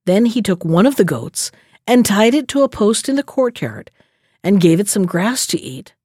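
A woman narrating a fairy tale in an expressive read-aloud style. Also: medium pitch, normal speed, no room sound, studio quality. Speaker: storyteller. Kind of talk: storybook narration.

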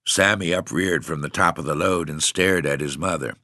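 A man narrating an audiobook story with expressive delivery. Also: rumbling low, normal speed, dry recording, clean studio sound.

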